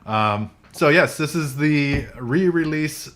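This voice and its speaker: A man's voice: a little high, slow, a bit bright. Chatty man hosting a tech podcast. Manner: laughs often, chatty and joking. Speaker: podcast host. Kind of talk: casual chat. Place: coffee shop.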